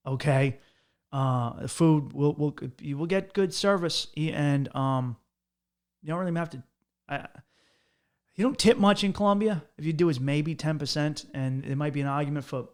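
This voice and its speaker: A young man from the United States, hosting a podcast and telling a long travel story in a loose, profane, rambling way with lots of restarts. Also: medium pitch. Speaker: podcast host. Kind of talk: casual storytelling monologue.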